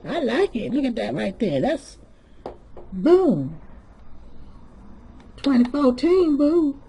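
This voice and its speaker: A very high, shrill-voiced sassy church lady, as a man puts her on. She drawls with sugary sarcasm, calling everyone honey. A comedic character monologue. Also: very animated, slow, vocal fry, mellow, a little hiss or hum, full character voice. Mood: mock admiring. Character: sassy sharp-tongued churchgoing woman.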